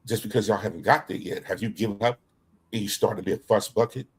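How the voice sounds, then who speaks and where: A man's voice: on the low side, fast, slightly rough. A middle-aged man in casual scripture discussion, talking in an emphatic, preacher-like way. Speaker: co-host.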